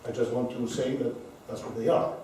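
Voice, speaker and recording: A man from Cyprus, a diplomat answering audience questions at a seminar, halting and often repeating words as he searches for the right phrasing. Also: mid-range voice, level tone, dark tone. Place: lecture hall. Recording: echoey room picked up from far off, faint hiss.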